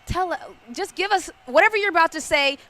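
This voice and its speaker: A woman's voice: very high-pitched, fairly quick, bright, forceful tone. A woman giving casual live game commentary, chatty and playful, often laughing and teasing her co-host. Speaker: esports commentator.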